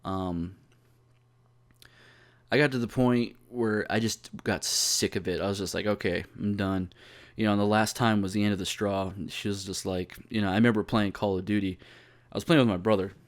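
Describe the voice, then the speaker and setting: A man's voice: fairly low pitch, fairly even intonation, moderate pace. Profane, rambling young man telling stories. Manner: rambling, profane, many fillers and restarts. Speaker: YouTuber. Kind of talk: casual storytelling vlog.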